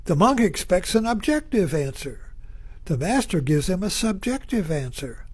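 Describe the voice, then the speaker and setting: A man speaking as a Zen teacher in a reflective talk, his fairly high voice rising and falling widely as he asks question after question. He takes his time and circles back over his phrases. The sound is close and dry. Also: sing-song, slow pace, darkish tone, husky, dry recording. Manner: poses rhetorical questions, repeats phrases.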